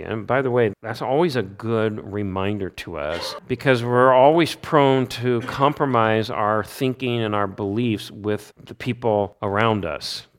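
A man giving an expository Bible teaching, stressing points by repeating key phrases and posing rhetorical questions that he then answers himself. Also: fairly low pitch. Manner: emphatic, asks rhetorical questions and answers them.

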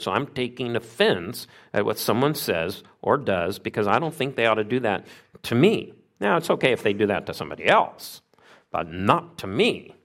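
A man's voice: lowish voice, a bit bright. A middle-aged man preaching a sermon in a conversational way, asking his listeners questions and acting out quoted voices. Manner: conversational, asks the congregation questions. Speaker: pastor.

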